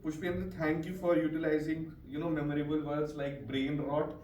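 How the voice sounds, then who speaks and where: A man with a slightly high, dark voice speaks at an even tone and normal pace, evaluating speakers at a speaking club. He offers encouraging feedback and runs a speech drill, often tagging sentences with "right?" The room is echoey, the mic distant, with a little hiss or hum.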